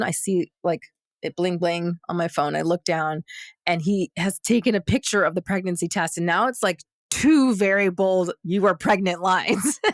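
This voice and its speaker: A woman, a guest actress on a podcast round table, telling a personal story in a lively way and acting out the other people's voices. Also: mid-range voice, no room sound, studio quality. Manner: animated, acts out quoted voices.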